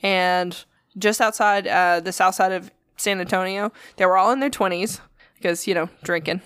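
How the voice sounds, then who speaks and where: A fairly low-pitched, steady female voice, a bit bright, clear and resonant, moves at a moderate pace. She co-hosts a podcast, spinning a story through casual, foul-mouthed chat and voicing the quoted lines. There's no room sound; it's studio quality.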